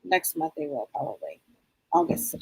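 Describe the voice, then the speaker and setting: Lively, animated woman in a dry room. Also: deep voice, vocal fry, slightly rough, no echo, rough recording. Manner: upbeat and agreeable, quick to chime in. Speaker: psychic show co-host. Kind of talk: casual chat.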